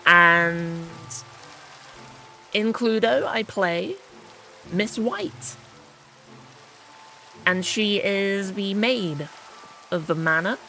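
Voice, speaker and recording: A woman's voice: medium pitch, very slow, long pauses, sharp tone, soft background music. A woman streaming a game, chatting playfully and poking fun at herself as she plays. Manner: playful, chatty and self-mocking while playing. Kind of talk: casual gaming stream chat.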